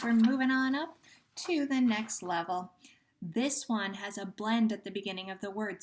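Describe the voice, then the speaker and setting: A woman teacher leading young children through a phonemic awareness lesson, running patient sound drills and praising each answer. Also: mid-range voice. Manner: slow, patient drills with pauses and gentle praise.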